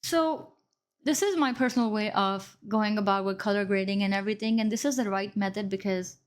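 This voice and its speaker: A woman instructor talks viewers through a screen-recorded editing lesson step by step in a middle-pitched voice, stopping now and then to correct her slips.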